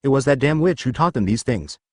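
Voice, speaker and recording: A man reading as a calm young hero. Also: mid-range voice, a little fast, no room sound, studio quality, natural voice. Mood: firm.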